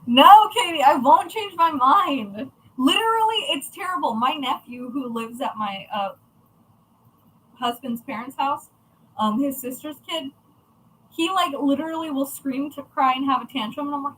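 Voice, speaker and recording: Bright, high-voiced woman chatting bluntly. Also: moderate pace, slight background noise, low-quality recording. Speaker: crafting channel host. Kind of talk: casual chat to viewers.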